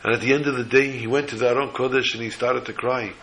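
Gravelly man telling a sermon story. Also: medium pitch, fast talker, slight background noise, rough recording. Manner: animated storyteller voicing characters.

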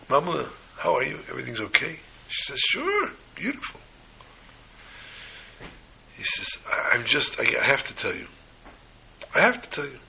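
Gravelly, bright-toned man preaching. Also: rough recording. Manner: animated storytelling, voices the characters with rising pitch. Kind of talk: Torah sermon with a story.

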